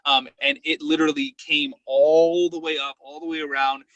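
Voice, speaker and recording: A man guesting on a podcast as a paranormal investigator, telling stories in a casual chat and acting out quotes in an excited high voice. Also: moderate pace, no echo, poor audio.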